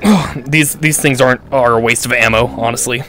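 A young man giving playful, excitable commentary while playing a VR game. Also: medium pitch, moderate pace, faint music behind. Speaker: gaming YouTuber. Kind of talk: VR gameplay commentary.

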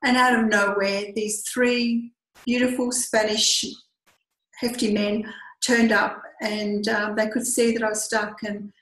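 A woman's voice: mid-range voice, level tone, takes it slowly, fairly bright tone. A middle-aged woman from Western Australia with an Australian accent, a group tour leader earnestly telling a personal story and acting out the dialogue. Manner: earnest, reflective, acts out quoted dialogue. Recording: echoey room.

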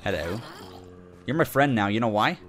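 A man's voice: lowish voice, lively intonation, normal speed, fairly bright tone, slight background noise. A young man hosting a casual game video, rambling and joking as he corrects himself mid-sentence. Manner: rambling, self-correcting, jokey. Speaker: gaming channel host.

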